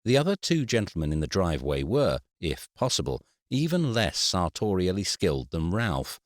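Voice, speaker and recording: A man narrating an audiobook in a wry, expressive storytelling manner, close to the mic. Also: deep voice, moderate pace, dry recording. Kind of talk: scripted narration.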